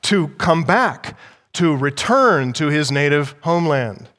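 A pastor preaching an expository sermon in a measured, emphatic way. He teaches by asking the listeners rhetorical questions and repeating key phrases. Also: a little high, lively intonation, fairly bright tone, long reverb tail.

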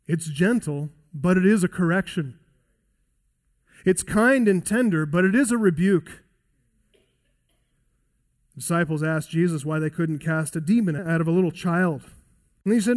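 A male pastor preaching a sermon, speaking earnestly and dropping softer when he quotes scripture. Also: high voice, steady tone, normal speed. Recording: long reverb of a hall.

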